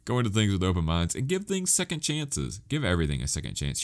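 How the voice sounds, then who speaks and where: Very deep-voiced rambling male podcaster. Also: wildly swooping pitch, fast talker. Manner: rambling, self-mocking, goes off on tangents. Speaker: podcast host. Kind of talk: casual solo podcast chat.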